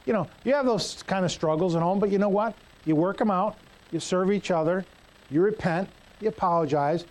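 A man's voice: high voice, fairly quick, darkish tone, poor audio. A male pastor preaching a sermon in a church, conversational and joking with the congregation.

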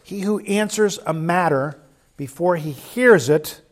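A middle-aged man preaching a sermon in a measured, earnest way, often acting out quoted remarks. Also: high-pitched. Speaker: pastor.

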